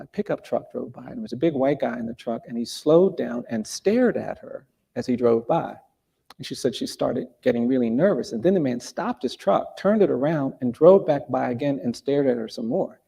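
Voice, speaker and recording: A man speaking as a guest at a live event, telling a story in a measured, deliberate way with pauses. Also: medium pitch, vocal fry, dark tone, husky. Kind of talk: earnest storytelling in a live conversation. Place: event hall before a live audience.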